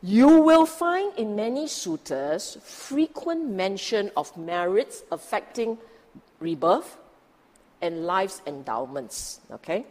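Female dharma teacher, unhurried, emphatic, rhetorical questions; long hall echo. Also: medium pitch, very animated, a little mellow. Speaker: Buddhist teacher. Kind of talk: dharma talk.

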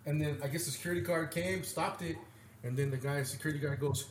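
A man tells stories on a podcast in a loose, rambling way, swearing freely and getting animated. His voice sits fairly high for a man. The room sounds echoey, with a faint hiss underneath. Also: fast. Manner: rambling, profane, animated storyteller. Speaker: podcast co-host. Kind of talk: casual storytelling chat.

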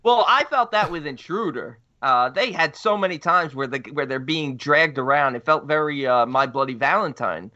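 A man's voice: a little high, animated, moderate pace, hardly any pauses, pushed and bright. A man co-hosting a podcast, chatting casually about a horror movie with rambling restarts. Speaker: podcast co-host. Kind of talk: casual movie review chat. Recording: muffled lo-fi audio.

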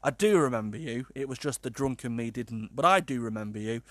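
Male podcast host, medium pitch, dry close sound, cheeky and sweary. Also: fairly quick, dry recording. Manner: animated, sweary, laughs at his own jokes. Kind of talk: casual podcast monologue.

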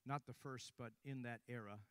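An older man preaching a sermon, telling a story with hushed stretches and sudden loud bursts. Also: mid-range voice, fairly even intonation, normal speed, smooth, no room sound.

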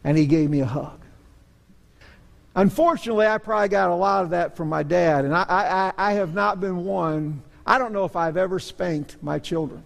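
This high-pitched, gravelly middle-aged pastor moves at a moderate pace through his sermon, sharing stories with earnest, self-deprecating humor. The sanctuary adds a long, hall-like reverb.

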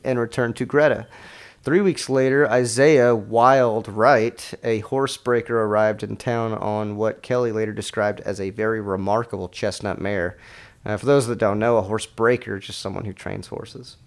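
Guy cohosting a podcast, reads his history notes out loud, lots of ums and restarts, mid pitch. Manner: halting, many fillers and restarts, reads notes aloud. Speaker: podcast co-host. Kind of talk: casual chat, reading history notes.

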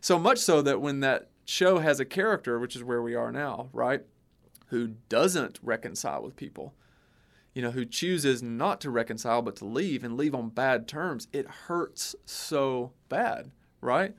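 A man co-hosting a podcast, a teacher, talking in an animated storytelling way and quoting others. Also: medium pitch, unhurried, gravelly. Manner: animated, storytelling with quoted voices. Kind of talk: casual podcast discussion.

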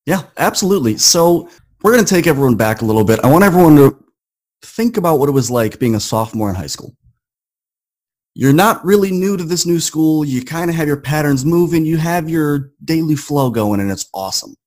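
A man's voice: fairly high pitch, lively intonation, fairly quick, a little mellow. A man, a podcast guest, telling a personal story and acting out his quoted inner talk with rising emphasis.

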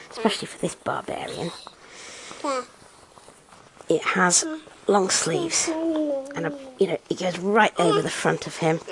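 A woman chatting casually to her listeners while feeding her baby, breaking off to scold him and talking in a sing-song baby voice. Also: medium pitch. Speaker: parent podcaster.

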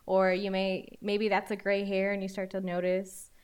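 Woman co-host explaining in measured tones. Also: medium pitch, completely flat delivery, clear, resonant tone. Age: late 20s. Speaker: podcast co-host. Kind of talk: casual discussion.

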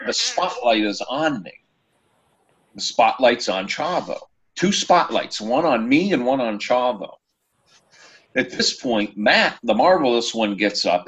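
A man hosting a casual chat show, telling a story with lively, acted-out quotes. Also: mid-range voice. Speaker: podcast host.

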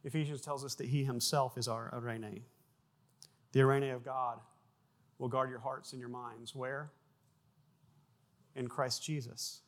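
A man preaching a sermon, animated, with frequent repeated words and acted-out sound effects in his stories. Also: mid-range voice, a little slow, pauses often. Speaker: pastor.

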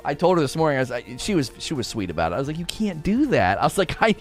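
Lively, animated man podcaster. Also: a little high, racing, faint music behind. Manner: animated and excitable, acting out quotes in his own voice. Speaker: podcast host. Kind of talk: casual chat.

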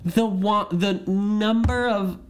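A man co-hosting a podcast, chatting casually about a film in an animated, jokey way. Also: slow pace, a little hiss or hum. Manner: animated, jokey, with sudden pitch jumps. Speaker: podcast co-host. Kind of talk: casual film-review chat.

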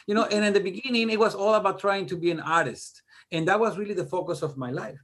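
Middle-aged guy on a podcast, kinda high voice, jokey and animated, makes fun of himself. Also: quick pace. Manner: animated, self-deprecating joker. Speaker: guest music producer. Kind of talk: casual interview storytelling.

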